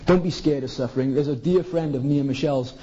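Impassioned preacher man, mellow voice. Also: fairly high pitch, fast, a little hiss or hum. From Zimbabwe. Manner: impassioned, pleading rhetorical questions. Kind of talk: sermon. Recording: dull lo-fi recording.

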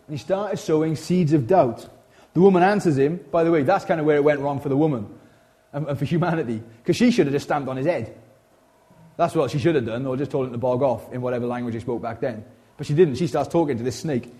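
Man, informal sermon, slightly high voice, mellow, chatty asides. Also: quick pace. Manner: animated, chatty, frequent self-interruptions and asides. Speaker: preacher.

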